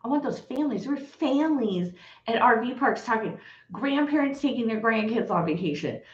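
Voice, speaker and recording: A woman's voice: on the high side, expressive, fairly quick. A woman hosting a livestream, talking bluntly and heatedly to her viewers and swearing. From Texas. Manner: fired-up, blunt, swears and addresses viewers as y'all. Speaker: livestream host. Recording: echoey room, slightly dull sound.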